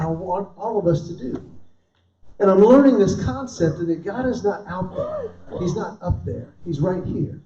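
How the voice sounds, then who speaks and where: Animated male comedian in an echoey hall. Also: high voice. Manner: animated storytelling, acting out both sides of conversations. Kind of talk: stand-up comedy with a faith message. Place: hall with a live audience. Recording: echoey hall, distant mic, dull lo-fi sound. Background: audience laughter.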